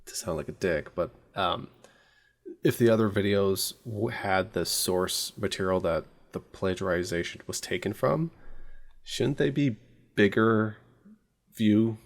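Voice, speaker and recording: A man's voice: fairly low pitch, measured pace, gravelly. A man co-hosting a casual chat in a laid-back, offhand, profane way.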